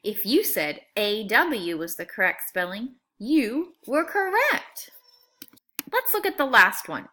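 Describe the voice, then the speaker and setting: A woman teaching a phonics lesson to young students, sounding out words slowly and clearly in a friendly, coaxing way. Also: fairly high pitch, very animated, pushed and bright. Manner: slow, clear, exaggerated sound-outs.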